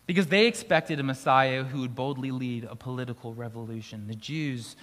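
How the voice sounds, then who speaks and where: Pastor preaching in a reverberant hall. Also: male voice, mid-range voice, a little fast, fairly bright tone. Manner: conversational preaching with restarts and light laughs. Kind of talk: sermon. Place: school auditorium used for church gathering.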